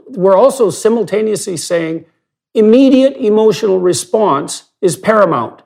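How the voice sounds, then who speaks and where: High, gravelly-voiced male podcast host. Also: lively intonation, moderate pace, darkish tone. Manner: emphatic, rhetorical, builds arguments step by step. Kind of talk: long-form podcast conversation.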